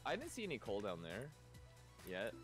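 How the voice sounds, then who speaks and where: A man's voice: normal speed, music in the background. A man streaming a game, teasing his co-player in casual chat. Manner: teasing, animated, breaks into high yelps.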